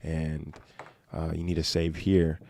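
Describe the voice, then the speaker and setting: A man co-hosting a podcast in casual chat, relaxed and affirming as he tells a story. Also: rumbling low, takes it slowly, creaky, a little hiss or hum. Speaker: podcast co-host.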